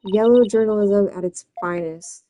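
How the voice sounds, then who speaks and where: A woman's voice: mid-range voice, moderate pace, mellow, slight background noise, lightly acted, rough recording. A woman playing a pushy TV reporter. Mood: eager. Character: eager sensationalist male TV reporter.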